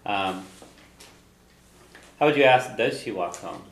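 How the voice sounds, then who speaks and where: Lower-pitched man teaching a class. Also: animated, gravelly, fairly bright tone, roomy sound, poor audio. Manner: patient, drills phrases slowly for repetition. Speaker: Irish language teacher. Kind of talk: classroom language lesson.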